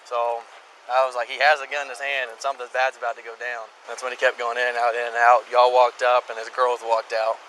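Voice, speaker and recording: A man's voice: medium pitch, little pitch movement, a little fast, a bit bright. A male police officer casually recounting an incident to colleagues outdoors. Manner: rambling, recounting, quoting others. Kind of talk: casual spoken account to colleagues. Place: outdoors on a residential street. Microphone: body camera. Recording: noisy outdoor body camera audio.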